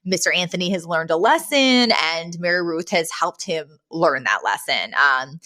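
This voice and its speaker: A woman's voice: fairly low pitch, lively intonation, normal speed, sharp tone. A woman co-hosting a podcast, chatting casually about a sitcom episode, giggling and acting out quoted lines. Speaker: podcast co-host.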